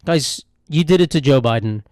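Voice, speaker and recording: This podcast host is a young man with a mid-pitched, slightly mellow voice who rambles through a solo comedy show, irreverent and self-deprecating, frequently slipping into muttered asides. His intonation is lively and his speed normal. The close, dry mic picks up no room sound at all.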